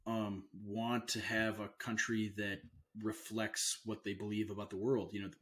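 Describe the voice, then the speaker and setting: A man, a pastor and author, speaking as a guest in a casual conversation. He talks haltingly, often trailing off and restarting his sentences. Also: on the low side, level tone, a bit bright.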